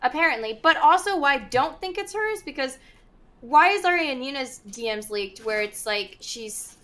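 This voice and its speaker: A woman's voice: high-pitched, expressive, normal speed, bright, forceful tone. A woman talking casually on a stream, chatty and hedging, laughing between remarks.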